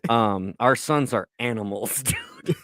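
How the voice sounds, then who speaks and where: A man's voice: mid-range voice, wildly swooping pitch, slow pace, a bit bright, no room sound, clean studio sound. A man in his thirties co-hosting a podcast, telling rambling stories full of swearing in casual chat. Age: 30s. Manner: profane, rambling storyteller. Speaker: podcast co-host.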